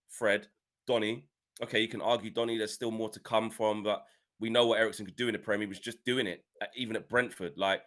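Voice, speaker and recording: A man's voice: lowish voice, fairly bright tone. A man, making an earnest case about football on a casual podcast panel.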